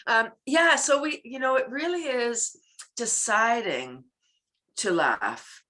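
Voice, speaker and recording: A middle-aged woman, a laughter club founder and guest, chatting casually in an animated way, acting out little scenes and breaking into laughter. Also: takes it slowly. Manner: animated, acts out scenes with sudden high-pitched voices and bursts of laughter. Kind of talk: casual interview chat.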